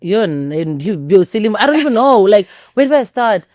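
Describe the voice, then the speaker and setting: A woman's voice: mid-range voice, sing-song, brisk, few pauses, darkish tone, no room sound, studio quality. A South African woman, a guest and mother, talking in an earnest and reflective way in casual conversation.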